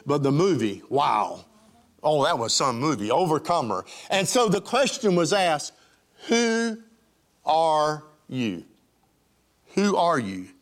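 A man with a high-pitched voice preaches a sermon from the front of a church. He urges the congregation on and draws responses from them as he goes. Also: sing-song, takes it slowly. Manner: exhorting, calls for congregation response. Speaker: pastor. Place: church sanctuary.

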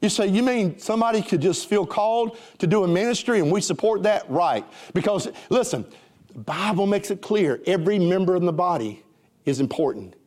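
A male pastor preaching an animated sermon in a church and leading the congregation in call-and-response singing. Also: high voice, brisk. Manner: animated, leads the crowd in call-and-response song. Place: church sanctuary.

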